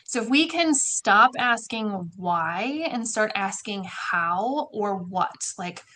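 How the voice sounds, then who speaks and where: A woman on a roundtable panel, talking in a quick, upbeat way over a video call. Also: medium pitch, lively intonation, bright, forceful tone. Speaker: roundtable co-host. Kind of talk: casual roundtable chat.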